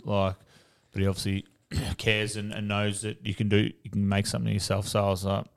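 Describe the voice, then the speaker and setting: An Australian man with a fairly low voice yarns about his playing days in a relaxed podcast chat. He swears freely and laughs through his stories. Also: brisk, gravelly, hardly any pauses. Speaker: former professional footballer.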